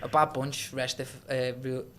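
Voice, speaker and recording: Scouse guest, young, bright forceful voice, slangy and laughing. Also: male voice, medium pitch, normal speed, slight background noise. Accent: Liverpool (Scouse). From Liverpool, England. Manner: animated, laughs often, slangy. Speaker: podcast guest, trading firm CEO. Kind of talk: casual chat.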